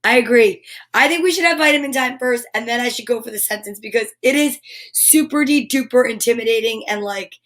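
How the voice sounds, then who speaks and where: A woman with a high, bright voice hosts a live stream and talks right to her viewers. Her manner is bubbly and animated, casual and eager. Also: fairly quick. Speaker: host of a live storytime show.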